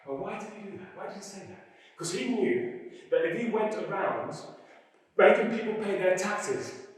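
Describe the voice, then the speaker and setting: An actor playing a defiant radical preacher, telling stories in an animated, mocking way and acting out the voices in a theatre monologue. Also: male voice, high-pitched, moderate pace. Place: performance hall. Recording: echoey hall, mic far off.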